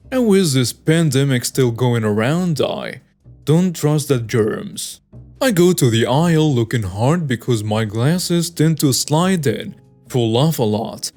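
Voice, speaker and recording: A man's voice: medium pitch, a little mellow. A man narrating a reader's story in a sassy, conversational way, with background music under his voice.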